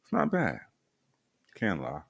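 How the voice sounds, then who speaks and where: A man with a very deep, low voice hosting a casual stream chat. He talks in a laid-back, slangy, joking way. The sound is close and dry, with no room echo. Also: wildly swooping pitch, slow, creaky, fairly bright tone, husky. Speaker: podcast host. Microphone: remote stream mic.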